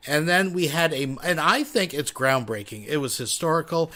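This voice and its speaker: A man's voice: a little high, expressive, moderate pace, bright, forceful tone. A man hosting a livestream, giving wry, casual commentary and addressing viewers as folks. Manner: wry, says "folks" often. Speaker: livestream host.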